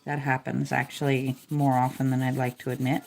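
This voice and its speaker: Woman vlogger, low mellow voice, relaxed chatty coloring narration. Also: a little fast, gravelly. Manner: relaxed, chatty, self-deprecating. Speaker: coloring video creator. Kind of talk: casual narration while coloring.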